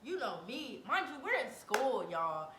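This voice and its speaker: Young woman spilling a storytime vlog, kinda high voice, super animated, echoey room w a faint rumble. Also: unhurried. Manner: animated, dramatic storytelling with slang. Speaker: vlogger.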